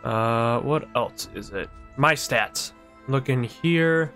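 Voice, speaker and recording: A man's voice: medium pitch, takes it slowly, a bit bright, faint music behind. A man streaming a video game live, chatting casually and thinking aloud as he plays. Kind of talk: casual live-stream chat while gaming.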